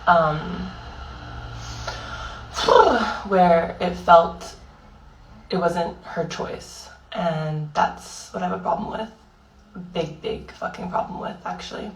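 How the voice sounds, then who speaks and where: Tearful young woman, slow and halting. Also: fairly low pitch, roomy sound, far from the mic, rough recording. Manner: halting and raw, heavy swearing, many fillers. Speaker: vlogger. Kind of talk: emotional personal monologue.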